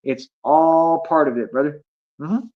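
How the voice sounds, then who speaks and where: A man's voice: a little high, unhurried. A man livestreaming, ranting at his chat in a boastful, confrontational, slangy way. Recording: dull lo-fi stream audio.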